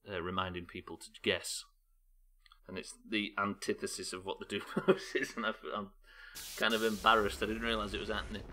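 A man from the UK streaming a game live, swearing often and reacting loudly between muttered asides. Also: low voice. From United Kingdom. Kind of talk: live gameplay commentary.

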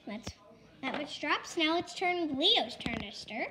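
A woman's voice: sits high, moderate pace. A young girl hosting a casual slime-making vlog at home, chatty and bossy as she directs her brother. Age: child. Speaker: vlog host. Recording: noisy home recording.

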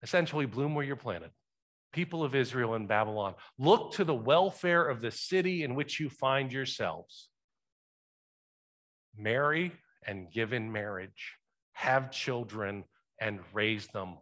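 A man's voice: mid-range voice, animated, measured pace, a bit bright. A male pastor preaching a sermon in a church, talking conversationally and asking the congregation questions. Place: church sanctuary.

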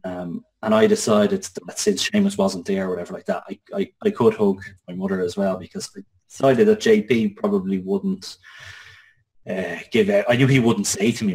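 A man's voice: fairly low pitch, fairly even intonation, a little mellow. An Irish man in his thirties, a guest telling a personal story with many restarts. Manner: halting, many restarts and fillers. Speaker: interview guest.

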